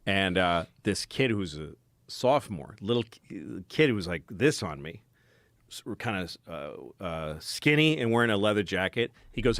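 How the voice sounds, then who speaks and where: A man's voice: low-pitched, very animated, moderate pace, a bit bright, dry recording. A man talking as a podcast guest, rambling and self-deprecating as he tells a story in casual chat. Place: podcast studio.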